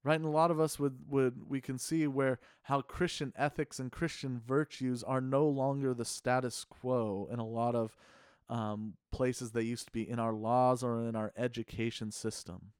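A middle-aged man preaching a sermon in an earnest, measured way, asking the congregation rhetorical questions. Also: mid-range voice, fairly even intonation, a little mellow, clear, resonant tone, no echo, clean studio sound. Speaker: pastor.

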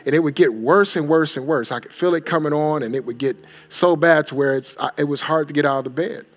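A man's voice: on the high side, fast talker. A male pastor preaching a sermon, emphatic and repeating his phrases for effect. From Wisconsin.

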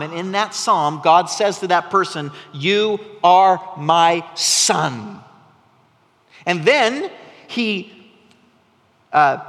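A man preaching a sermon as a pastor, an animated storyteller whose voice rises when he gets excited. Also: sits high. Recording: long reverb from a large hall.

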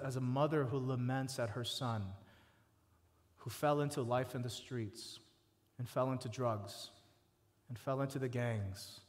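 A man preaching a sermon, stacking words with rising force and dropping soft and low for quoted laments. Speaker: pastor. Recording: reverberant hall.

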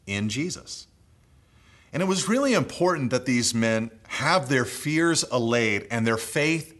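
An earnest preacher delivers a sermon in a man's voice of ordinary pitch. He pushes key phrases up and louder, then lets his sentences sink to a soft, low close. His delivery moves steadily from reading to explaining. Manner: earnest preaching, swinging between raised emphatic phrases and low hushed endings.

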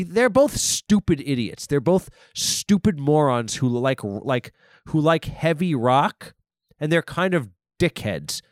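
A man's voice: a little high, dry recording, studio quality. A man hosting a comedy podcast, rambling through an improvised monologue with lots of fillers, restarts and swearing. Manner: halting, rambling, profane, full of fillers.

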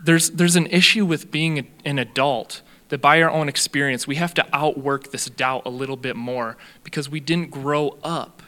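A man's voice: a little high, fairly even intonation, normal speed, hardly any pauses, bright, forceful tone. A young man preaching a sermon in an earnest way, teaching on faith and healing. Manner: earnest, reads a long testimony aloud.

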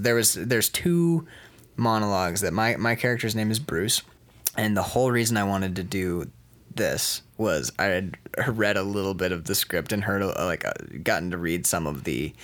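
A young man in casual chat, telling rambling, joking stories with a lot of laughter. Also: fairly low pitch. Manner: rambling, jokey, lively storytelling.

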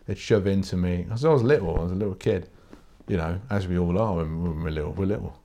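Sweary British man ranting, lowish voice. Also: fast talker, dark tone. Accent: British English. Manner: blunt, sweary, rambling, with many restarts. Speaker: podcast host. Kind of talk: casual solo podcast rant.

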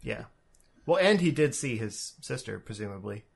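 A man's voice: fairly low pitch, lively intonation, moderate pace, vocal fry, slightly rough. A man chatting casually while watching a horror movie, giving joking running commentary. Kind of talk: casual chat reacting to a horror film.

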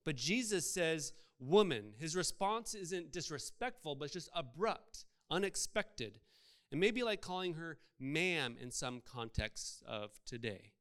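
A male pastor delivers a sermon in a smooth, resonant voice set a little high for a man. He talks in a conversational way and keeps putting rhetorical questions to the congregation. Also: expressive, measured pace, fairly bright tone.

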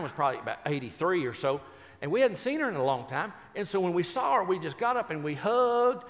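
A man's voice: high voice, fairly bright tone, big-room sound. Older man, folksy joking storyteller. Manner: folksy, joking storyteller who turns earnest. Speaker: Christian speaker and humorist. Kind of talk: humorous storytelling talk.

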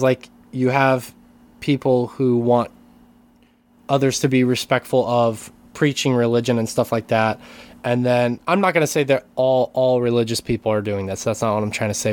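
A man co-hosting a casual podcast, talking with many restarts and careful hedging. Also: medium pitch. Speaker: podcast co-host and teacher.

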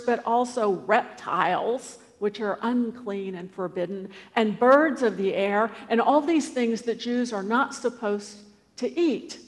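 A woman preacher retells a scripture story conversationally, with asides and small fillers. Her voice sits fairly high. A long hall reverb follows every phrase. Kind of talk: storytelling sermon.

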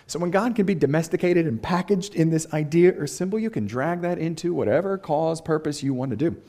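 Preacher with big swings in emphasis. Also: male voice, fairly high pitch, fairly quick, dark tone. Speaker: pastor. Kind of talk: sermon.

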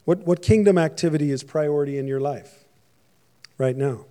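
A male pastor preaching a sermon in a casual, conversational way. He slips in jokes and asides to his listeners. His voice sits a little higher than usual for a man. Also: moderate pace, mellow.

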